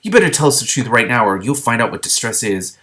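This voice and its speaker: A man voicing a cross, sharp-tongued young woman in a storybook reading, loud and blunt. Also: medium pitch, sing-song, quick pace. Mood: angry.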